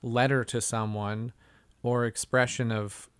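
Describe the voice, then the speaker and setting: A man's voice: medium pitch, level tone, unhurried, smooth, no room sound. Joking man in casual chat, dry sound. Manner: joking, bursts into put-on voices and laughs.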